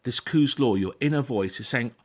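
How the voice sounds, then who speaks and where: Brief: male therapist, emphatic explainer, average pitch. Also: normal speed, breathy edge. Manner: animated, emphatic, acts out inner voices. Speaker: therapist and podcast host. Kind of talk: conversational explanation.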